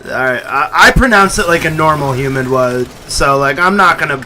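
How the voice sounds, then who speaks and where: A man's voice: medium pitch, moderate pace, hardly any pauses, pushed and bright, a little hiss or hum, poor audio. A man streaming a video game in casual, joking commentary, sometimes swearing and reading the on-screen text aloud.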